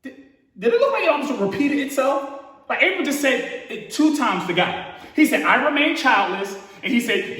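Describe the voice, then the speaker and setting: A man preaching a casual, conversational sermon in a church, relaxed and slangy, acting out quotes with rising emphasis. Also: very high voice, a little fast. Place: church hall. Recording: echoey hall from far off.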